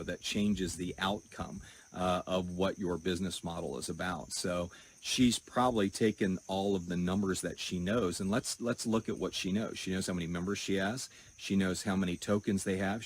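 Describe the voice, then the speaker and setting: A man's voice: low-pitched, a little hiss or hum, rough recording. A man hosting his own channel, talking to camera in a chatty, explaining way with asides and frequent "okay"s. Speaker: crypto channel host. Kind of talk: casual to-camera monologue.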